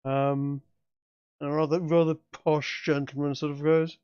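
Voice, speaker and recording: A man narrating a tabletop game as game master, halting with many fillers. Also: a little high, little pitch movement, darkish tone, clean tone, dry recording. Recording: dull lo-fi dry sound.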